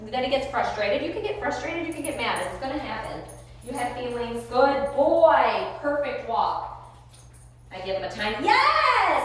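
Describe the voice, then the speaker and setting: A woman's voice: a little high, fairly bright tone. Echoey woman dog trainer praising. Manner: frequent short praise to the dog between explanations. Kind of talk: live dog-training commentary. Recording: very echoey with faint noise.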